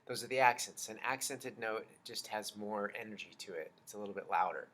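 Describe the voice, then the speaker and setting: A man teaching a children's music lesson, explaining slowly and patiently and chanting rhythm syllables. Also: lowish voice, a bit bright.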